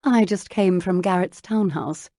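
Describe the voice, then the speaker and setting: A woman narrating an audiobook, voicing an earnest bookish young woman who speaks intently, a little hurried. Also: mid-range voice, warm tone, no echo, clean studio sound, close to an everyday voice. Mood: excited.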